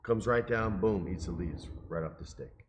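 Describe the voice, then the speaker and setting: Deep-voiced man telling a story. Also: normal speed, a little hiss or hum. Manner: animated, emotional, quotes people in his stories. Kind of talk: casual storytelling chat.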